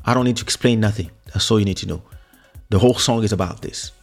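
Low-voiced man telling a story. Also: quick pace, vocal fry, faint music behind. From France. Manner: reminiscing, frequent word repeats and restarts. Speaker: podcast host and musician. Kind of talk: casual storytelling.

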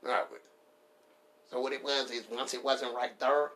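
A man ranting casually and profanely for laughs, rambling, laughing at his own jokes and jumping into high put-on voices. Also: flat delivery, normal speed, fairly bright tone, a little hiss or hum. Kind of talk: casual comedic rant.

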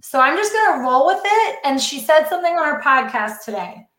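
A high-voiced woman chats casually as a podcast guest, effusive and openly emotional. Her voice rings in an echoey room. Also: very animated, a little fast, fairly bright tone. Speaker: guest educator.

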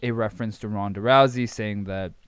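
A man's voice: fairly low pitch, fairly even intonation, brisk, a bit bright, clear, resonant tone, dry recording, clean studio sound. A young man hosting a podcast, recapping wrestling in a rambling, amused way with many fillers. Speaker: podcast host.

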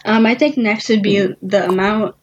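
A woman's voice: medium pitch, fairly even intonation, moderate pace, dull audio, noisy background. A young woman hosting a casual chat, rambling with lots of fillers and giggles. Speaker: host.

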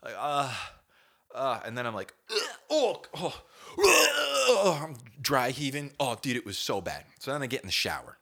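Animated man telling a comic story. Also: medium pitch, fairly quick. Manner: animated, acts out groans and quoted lines, says dude a lot.

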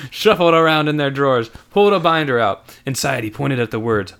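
A man narrating a story aloud in an animated reading. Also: medium pitch, a little fast, hardly any pauses.

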